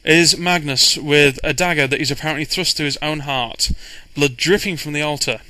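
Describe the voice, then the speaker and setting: A man's voice: fairly high pitch, normal speed, pushed and bright, dry recording, poor audio. A man, a game master, casually recounting his tabletop campaign in a rambling way, with frequent restarts and fillers. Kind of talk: casual storytelling recap.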